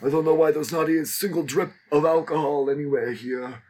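A man's voice: on the high side, a little fast, darkish tone, close to an everyday voice. A man playing a forgetful, bickering elderly man who lives in a retirement home, co-hosting an improvised comedy podcast. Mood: rambling. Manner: bickering, confused, mishears words. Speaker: podcast co-host in character.

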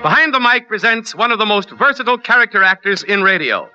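A man's voice: sits high, animated, fast, over loud music. A man hosting a 1940s radio show with polished, genial announcer delivery, on a noisy, muffled old transcription. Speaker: radio host.

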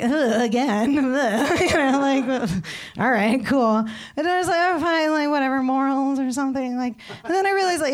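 A young woman performing a stand-up comedy set, rambling through stories and acting out the voices of people in them. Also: medium pitch. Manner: rambling, animated storytelling with laughs and acted-out voices.

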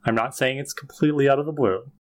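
A man co-hosts a podcast and walks through episode scenes in easy, casual chat. He sounds thoughtful and hedges his opinions, with the odd sigh. His voice sits at an ordinary middle pitch. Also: fairly even intonation, quick pace. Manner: thoughtful, hedging, sighs. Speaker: podcast co-host.

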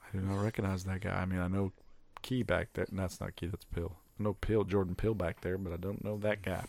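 An American man chatting casually over beers as podcast co-host, excitable and animated. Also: sits low, fast talker, creaky. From United States. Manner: excitable, animated, laughs often.

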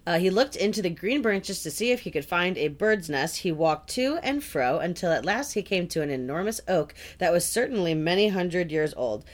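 A woman's voice: fairly low pitch, expressive, normal speed, hardly any pauses. A woman co-hosting a podcast, retelling a fairy tale in casual chat, mixing read-out text with her own words, swearing and laughing. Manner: swearing, laughing, mixes reading aloud with paraphrase. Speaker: podcast co-host.

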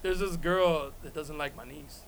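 A man hosting a casual podcast, joking crudely and laughing a lot between quick remarks. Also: on the high side, a crowd in the background. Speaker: podcast host. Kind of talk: casual banter.

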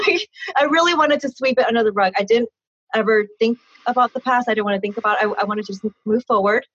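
On a dull, dry, lo-fi recording, a thirty-something woman being interviewed shares her own story openly and with animation, frequently laughing and acting out exchanges. Her voice is a little high, a bit bright and husky, at a moderate pace.

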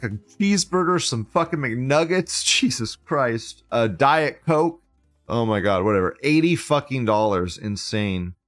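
A man hosts an online show, reading forum posts out loud and reacting with heavy swearing and sarcasm. He swings between loud mockery and low muttering.

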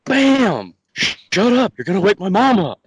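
A man voicing a drunk young friend, raising his voice higher and yelling. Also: a little fast, husky, no room sound.

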